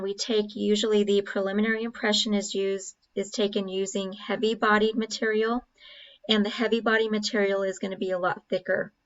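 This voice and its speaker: Lady teaching dental steps over a video, kinda monotone, muffled lo-fi audio, lots of uhs. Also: medium pitch. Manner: explanatory, with frequent fillers. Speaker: dental instructor. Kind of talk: narrating a procedure video.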